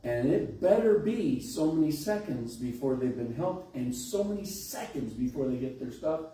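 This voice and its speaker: Telling a down-home, conversational story during a sermon, this middle-aged pastor speaks in a mellow, mid-range voice. It was captured in a big, echoey church hall on a distant mic with faint hiss.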